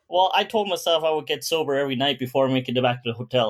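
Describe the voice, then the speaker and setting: A man's voice: medium pitch, fairly even intonation, brisk. A man co-hosting a podcast in casual chat, laid-back and laughing as he tells stories. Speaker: podcast co-host.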